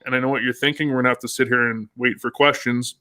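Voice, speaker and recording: A man's voice: medium pitch, level tone, fast talker, sharp tone. A man hosting a casual live fishing show, upbeat and chatty, reading out viewer comments. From Canada. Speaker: host.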